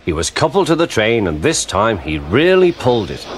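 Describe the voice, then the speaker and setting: Animated male storybook narrator. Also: lowish voice, moderate pace, slight background noise. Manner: expressive, animated. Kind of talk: storybook read-aloud narration. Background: background music.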